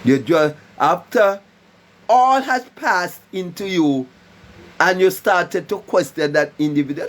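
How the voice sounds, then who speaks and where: A self-styled prophet preaches a monologue to a live stream, issuing emphatic warnings built on rhyming, repeated phrases and frequent "right?" checks. His voice sits high, with lively intonation and a slow pace.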